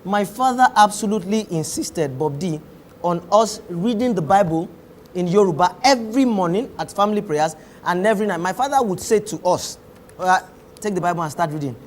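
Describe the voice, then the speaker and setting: A man's voice: sits high, animated, normal speed, a little hiss or hum. A Nigerian man with a Nigerian accent, hosting a talk show and eagerly asking questions. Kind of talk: interview conversation.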